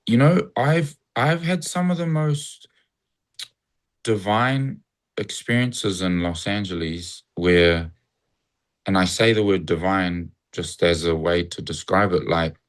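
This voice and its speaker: This guest, a New Zealander with a New Zealand accent, speaks low and at a slow pace. His casual conversation is rambling and reflective, punctuated by acted-out cheerful greetings.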